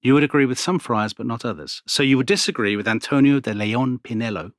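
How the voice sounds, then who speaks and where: A man co-hosting a history podcast, telling stories in an animated way and laughing often. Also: mid-range voice, fast talker, no room sound, clean studio sound. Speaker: podcast co-host. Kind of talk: conversational history chat.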